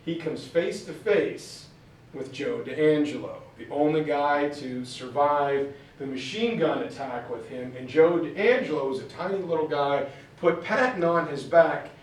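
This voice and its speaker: A man teaching a history class, telling the story in a casual, chatty, animated way. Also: fairly high pitch, measured pace, slight background noise. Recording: very echoey room, far from mic.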